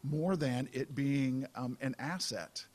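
A man preaching a sermon as pastor, in a conversational, unhurried way with frequent fillers. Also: medium pitch, a little mellow.

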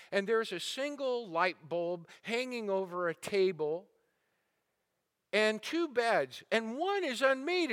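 Bright, high-voiced storytelling pastor. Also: male voice. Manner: dramatic storyteller, rising and falling intensity; drops to a hushed, somber tone. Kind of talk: sermon storytelling. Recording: sermon audio recording.

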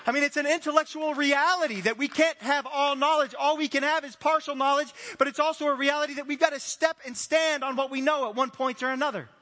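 A man's voice: very high-pitched, fairly even intonation, fast, hardly any pauses, sharp tone. A man preaching a conversational sermon as pastor, acting out little dialogues and chuckling as he goes. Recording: reverberant hall.

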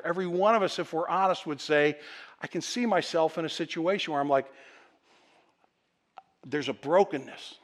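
A man's voice: high-pitched, a bit bright. A middle-aged man, a pastor, preaching a conversational sermon to his congregation, often stammering and repeating words as he goes. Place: church sanctuary with congregation.

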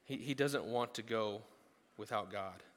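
A male pastor preaching a sermon at a church service, telling the story casually with animated asides. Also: fairly low pitch, unhurried. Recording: long hall reverb.

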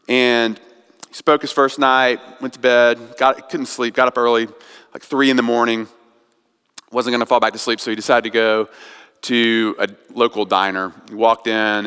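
A man preaching a sermon as pastor, telling a story, swinging from quiet and slow to loud and raised. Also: clear, resonant tone. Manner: storytelling, builds from soft and slow to loud and high. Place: church sanctuary. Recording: long church hall reverb.

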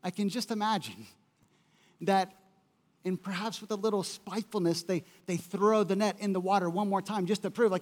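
A male pastor preaching a sermon, telling the story with animated, conversational asides and acting out the quotes. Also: high-pitched, normal speed. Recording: long hall reverb.

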